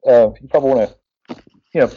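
Husky rambling man from West Virginia. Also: mid-range voice, fast, lo-fi sound. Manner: rambling, full of fillers and restarts. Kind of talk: casual radio chat.

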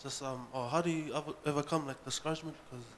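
A man in the congregation asking his pastor a question in a hesitant, halting way. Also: fairly high pitch, steady tone, slight background noise. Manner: hesitant, halting, soft-spoken. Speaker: church member asking a question.

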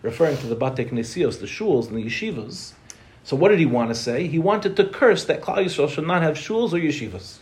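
A young man teaching a Torah class in a quick, joking way, throwing rhetorical questions at his listeners. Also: fairly high pitch, big pitch swings, darkish tone.

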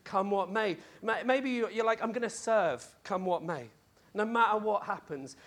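Male preacher, high-pitched, chatty and jokey, informal sermon delivery. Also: normal speed, a bit bright. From Wales lived in, not grown up. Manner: jokey, conversational, lots of fillers and laughs. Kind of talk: lively sermon.

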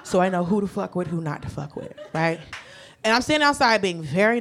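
A woman's voice: lowish voice, lively intonation, fast, a bit bright. A woman doing stand-up, telling a profane story and acting out the voices of the people in it. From United States. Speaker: stand-up comedian. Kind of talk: stand-up comedy set.

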